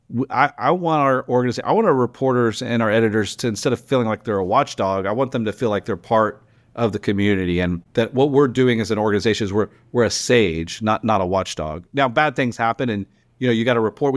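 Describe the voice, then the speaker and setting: A man's voice: medium pitch, no echo. Man telling rambling stories, dry mic. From Texas. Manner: animated, rambling anecdotes with many restarts and fillers. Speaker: founder and CEO of a local news company, podcast guest. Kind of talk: casual conversational storytelling.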